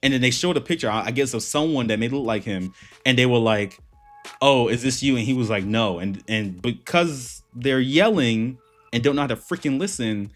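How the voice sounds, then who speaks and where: A man's voice: mid-range voice, a little fast, faint music behind. Blunt, heated man reacting to a clip. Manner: blunt, heated, repeats himself for emphasis. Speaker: commentary channel host. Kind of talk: reaction commentary.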